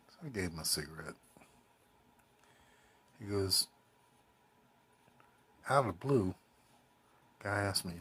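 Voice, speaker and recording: A man's voice: low voice, unhurried, pauses often, sharp tone. A man telling a rambling personal anecdote in a casual, swearing way, quoting other people as he goes. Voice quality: very husky. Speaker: storyteller.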